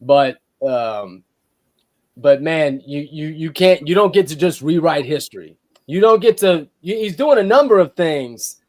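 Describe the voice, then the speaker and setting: Casting: fired-up male sports podcaster with a slightly high voice, rambling rebuttals. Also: lively intonation, measured pace, a little mellow. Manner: heated, rambling with restarts. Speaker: podcast co-host. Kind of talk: casual sports debate.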